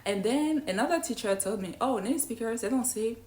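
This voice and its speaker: A woman's voice: fairly high pitch, expressive, a little fast, a little mellow, faint music behind. Woman teaching pronunciation in an echoey room. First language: not English. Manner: explanatory, often checks in with "right?". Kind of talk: online pronunciation lesson.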